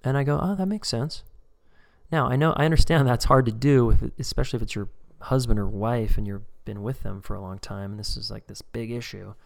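A man's voice: fairly low pitch, steady tone, fast, creaky, hardly any pauses. A man teaching a live online course, talking casually and acting out short example conversations as he explains. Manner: conversational, acts out dialogues. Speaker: course instructor.

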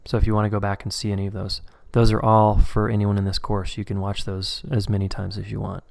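A man's voice: fairly low pitch, monotone, fast, gravelly, darkish tone. A man teaching a live online course, talking casually and acting out short example conversations as he explains. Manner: conversational, acts out dialogues. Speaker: course instructor.

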